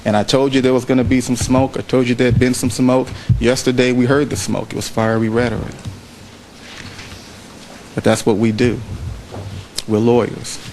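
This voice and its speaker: A trial lawyer giving a closing argument to a jury in a courtroom, speaking in a measured way and repeating phrases for emphasis. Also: male voice, mid-range voice, flat delivery, a little mellow, slight background noise, poor audio.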